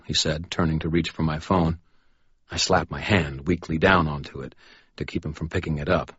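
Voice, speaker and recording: A man narrating a first-person story in a dry, wry, deadpan way. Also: sits low, normal speed, breathy edge, no echo, highs cut off. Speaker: audiobook narrator.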